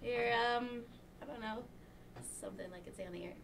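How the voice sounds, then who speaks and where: A woman's voice: a little high, a little fast, creaky, distant mic. A young woman co-hosting a casual chat in a playful, giggly way. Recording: crowd noise, off-mic.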